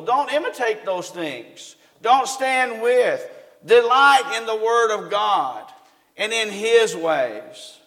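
A preacher with a drawl delivers a folksy, homespun sermon in a fairly high, gravelly, fairly bright voice. He keeps turning to the congregation with questions, and his voice carries a long reverb through a church hall.

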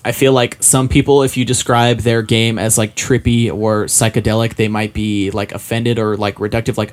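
A man's voice: on the low side, level tone, normal speed, few pauses. A man in his twenties co-hosting a casual chat, rambling and self-mocking, full of "like" and "um". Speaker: podcast co-host discussing a game.

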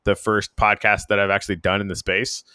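A man's voice: lowish voice, little pitch movement, a little fast, bright, forceful tone, smooth, no echo, clean studio sound. A man from the Canadian Arctic hosting a casual podcast chat, rambling with lots of fillers and restarts. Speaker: podcast host.

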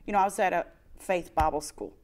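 A woman co-hosts a casual faith program, telling a personal story. She is animated and self-mocking. She does a whiny crying voice when she quotes her past self. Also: on the low side, fast. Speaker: co-host sharing a testimony. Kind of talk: casual faith talk show.

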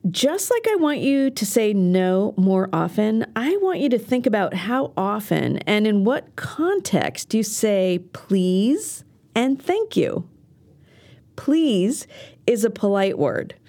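A woman's voice: mid-range voice, very animated, slow, dark tone. A middle-aged woman hosting a self-defense podcast, delivering an earnest, encouraging scripted monologue.

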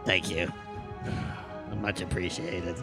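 A man's voice: deep voice, steady tone, very slow, over music, voice pushed down. A man voicing a stocky, exhausted male goblin rower who grovels and then demands his pay. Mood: weary.

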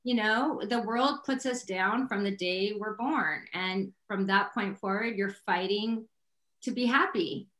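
A middle-aged woman, a reader, talking as a podcast guest in an expressive, emphatic way. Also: mid-range voice, unhurried. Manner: expressive and emphatic, laughs often. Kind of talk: casual podcast chat. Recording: echoey room.

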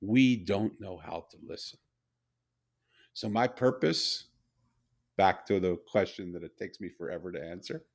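An older man, a guest author, telling a story in a conversation, animated and often repeating and restarting his words. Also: deep voice, a little slow, long pauses.

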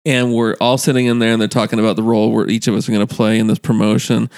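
A man's voice: lowish voice, flat delivery, fast, a little mellow. A man telling a long profane story in casual chat, acting out the people he quotes. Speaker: podcast guest telling a story.

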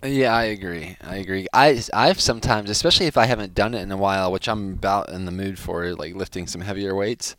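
A man's voice: sits low, a little fast, hardly any pauses, fairly bright tone, no room sound. A man hosting a casual interview, asking hesitant, rambling questions. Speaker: podcast host.

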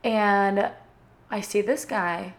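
Young adult woman vlogger, chatty and bubbly, mid pitch, casual storytime delivery. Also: extremely slow. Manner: chatty, bubbly, filler-heavy with frequent "like".

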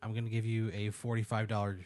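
A man's voice: monotone, fast talker, darkish tone, a little hiss or hum, close to an everyday voice. A man voicing a brash, crude male wizard who talks like a casual salesman. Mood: pushy. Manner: casual, swearing, salesman-like pitch.

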